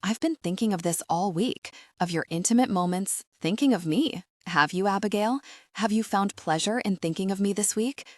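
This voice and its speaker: A woman narrating an audiobook voices a confident adult male lover on the phone, speaking slowly in a low, coaxing, commanding way. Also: a little mellow, no echo, studio quality, natural voice. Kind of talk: audiobook character voice.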